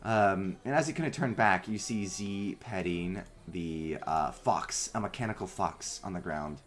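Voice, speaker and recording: A man's voice: low voice, measured pace. A man narrating as game master in loose, rambling narration with many fillers.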